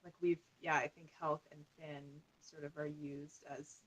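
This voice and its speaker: A woman wellness coach as a podcast guest, talking in an animated way with frequent "like". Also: low voice, measured pace, husky, poor audio. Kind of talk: conversational podcast interview.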